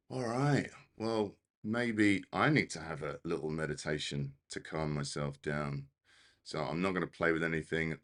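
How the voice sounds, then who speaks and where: A man's voice: low-pitched, a bit bright. A man hosting a live-streamed meditation session, a little out of breath and flustered, laughing at his own tech trouble. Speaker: meditation host. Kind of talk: live-streamed casual talk. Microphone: desk microphone on a live stream.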